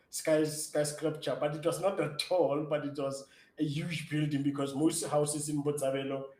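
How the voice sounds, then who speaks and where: This South African startup founder has a slightly high voice, heard in a reverberant, low-quality recording. Eager and excitable, he tells his interview answers as stories, with many fillers and restarts.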